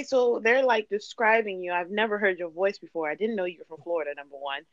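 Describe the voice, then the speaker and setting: Expressive woman hosting a podcast. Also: mid-range voice, no echo, highs cut off. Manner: chatty, expressive, quick to laugh. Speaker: podcast host. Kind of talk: casual chat.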